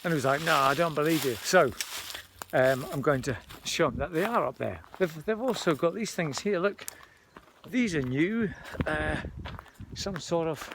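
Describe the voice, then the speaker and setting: A man with a slightly raised pitch narrates his walk up a wooded hill. He rambles in a chatty way, often breaking off mid-sentence and catching his breath. The handheld outdoor recording carries faint rural background sound. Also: expressive, unhurried, background noise. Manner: chatty, rambling, self-interrupting. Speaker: vlogger. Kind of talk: walking vlog commentary.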